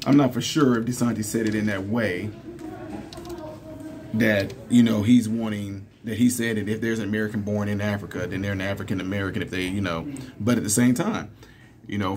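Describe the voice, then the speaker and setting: A man in his thirties, with a somewhat mellow voice on the low side, chats casually with viewers in a commentary vlog. He tells stories with lots of fillers and laughs often, over a little hiss or hum.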